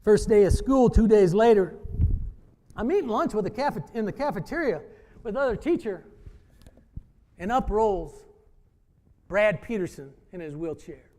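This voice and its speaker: A former wrestling coach telling a story to an audience, acting out the dialogue in an animated way. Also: male voice, high-pitched, normal speed, pauses often. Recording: hall reverb.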